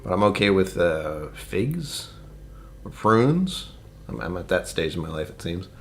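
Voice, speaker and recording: Man, low voice, casual live-stream host, jokey, rambling, reads chat aloud. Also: very animated, unhurried, vocal fry, slight background noise. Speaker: whiskey tasting streamer.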